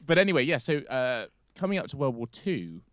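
A man's voice: medium pitch, very animated, fairly quick, fairly bright tone, smooth, dry recording. An English man hosting a casual history podcast, rambling and correcting himself as he goes. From England. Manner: rambling, self-correcting, chatty. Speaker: podcast host.

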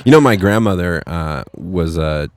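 A man's voice: low-pitched, expressive, moderate pace. A man in his thirties co-hosting a podcast, chatting loosely and cussing freely. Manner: loose, profane, rambling. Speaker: podcast co-host. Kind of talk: casual chat. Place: local market at an art college.

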